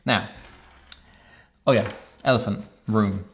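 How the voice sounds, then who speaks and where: A man's voice: fairly low pitch, steady tone, slow pace, a bit bright. A man hosting a tech review vlog, talking with playful enthusiasm as he demonstrates gear. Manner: enthusiastic, playful demo talk.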